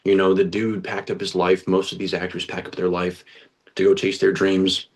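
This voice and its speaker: Low-voiced young man, chatty and earnest. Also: completely flat delivery, moderate pace. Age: young adult. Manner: chatty and earnest, many restarts, slangy with "dude" and "bro". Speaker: guest, actor. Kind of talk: casual interview storytelling.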